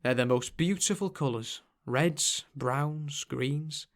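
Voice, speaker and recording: A man's voice: on the high side, slow. A man voicing a kindly older male angel boatman with a Yorkshire accent, chatty and folksy.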